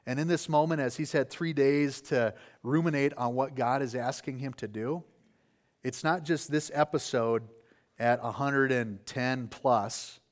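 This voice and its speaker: Male preacher, mid-pitched, earnest and explanatory, asks rhetorical questions. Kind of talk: expository sermon.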